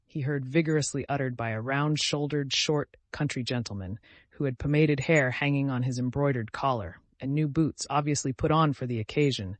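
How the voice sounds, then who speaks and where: A man narrating a classic novel as an audiobook in a measured, even reading. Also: mid-range voice, no echo. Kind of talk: scripted narration.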